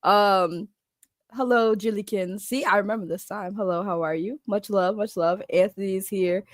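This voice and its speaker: A woman's voice: medium pitch, steady tone, moderate pace, no echo, studio quality. A woman hosting a casual livestream with a sore throat from a cold. She chats and greets viewers by name. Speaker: livestream host.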